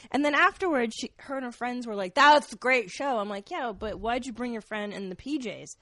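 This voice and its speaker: A woman's voice: a little high, lively intonation, brisk, bright, forceful tone, no echo. A woman comedian guesting on a podcast, chatting bluntly and wryly, with casual swearing. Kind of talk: casual chat.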